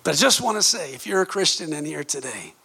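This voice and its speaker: Gravelly, bright-voiced preacher in his fifties. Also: sing-song, fast. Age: 50s. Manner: passionate, swings from low intimate tones to shouted exclamations. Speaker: pastor. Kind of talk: sermon.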